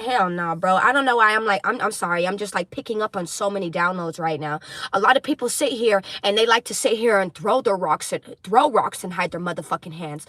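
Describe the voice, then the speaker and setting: A woman giving a tarot reading to her viewers, preaching intensely, swearing, and apologizing for getting loud. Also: mid-range voice, expressive, fairly quick, dry recording. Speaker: tarot reader.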